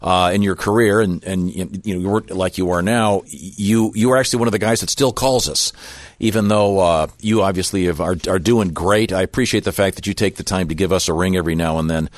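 Brief: male radio host, low voice, rapid chummy delivery, dry studio sound. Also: dry recording. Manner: quick, chummy interviewer. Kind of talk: casual radio interview.

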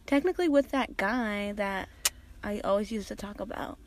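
A woman in a casual chat in a car, soft and giggly. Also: medium pitch, moderate pace, slight background noise.

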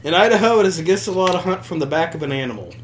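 A woman's voice: on the low side, expressive, racing, a little hiss or hum. A woman co-hosting a podcast in casual chat, joking and breaking into whoops and laughter. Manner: jokey, bursts into loud whoops and laughter. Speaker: podcast co-host.

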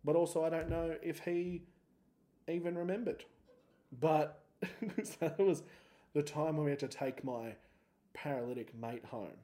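A man's voice: on the high side, steady tone, measured pace, long pauses, mellow. A man in his thirties with an Australian accent, hosting a solo podcast and telling a story in a laid-back, joking, rambling way. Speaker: podcast host.

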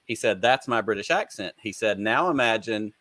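A man's voice: fairly low pitch, lively intonation, normal speed, a bit bright, no room sound. Enthusiastic man hosting, dry close sound. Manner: enthusiastic, rambling storyteller. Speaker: podcast host. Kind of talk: casual interview chat.

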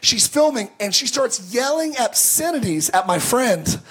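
A male pastor telling stories in a sermon, animated and joking, often stumbling and restarting his words. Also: extremely high pitch, unhurried, breathy edge. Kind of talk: sermon storytelling.

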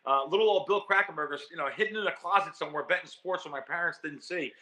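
A man being interviewed as a guest, telling a story in a lively, emotional way with frequent restarts and repeated words. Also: fairly high pitch, fast. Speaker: guest, professional sports bettor.

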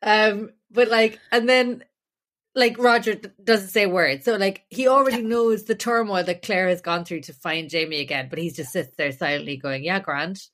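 A woman's voice: medium pitch, steady tone, moderate pace, a bit bright. A young woman co-hosting a podcast, chatting casually and rambling with many fillers and restarts. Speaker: podcast co-host. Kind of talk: casual chat.

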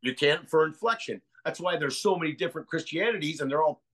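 A man's voice: fairly high pitch, fast talker, fairly bright tone, breathy edge, low-quality recording. An American man as a podcast guest, talking casually and rambling through ideas with many restarts. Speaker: guest researcher.

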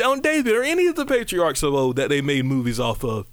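Animated preacher man, dry close sound. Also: fast talker, dry recording. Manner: animated, with jumps to high exclamations and playful asides. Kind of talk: lively conversational sermon.

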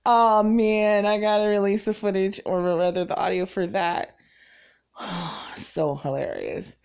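A woman talks through a casual solo podcast episode, rambling from one thought to the next. She speaks in quick bursts, full of fillers and asides, at a middle pitch. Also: gravelly, a little mellow, clear, resonant tone. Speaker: podcast host.

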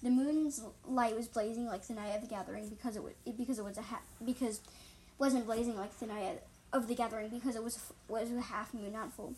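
Woman, reading a story aloud, casual, frequent slips and self-corrections, slightly high voice. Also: steady tone, a little fast, darkish tone, slight background noise, rough recording. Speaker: reader.

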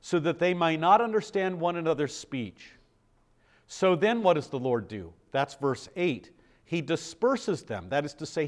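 An older American man preaching a sermon in a conversational way, asking the congregation questions. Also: fairly high pitch. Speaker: pastor.

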